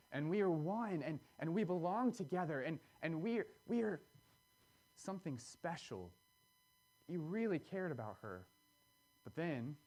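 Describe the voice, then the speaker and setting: A man preaching a sermon, earnest and explanatory, pressing key words with emphatic rises. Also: on the high side.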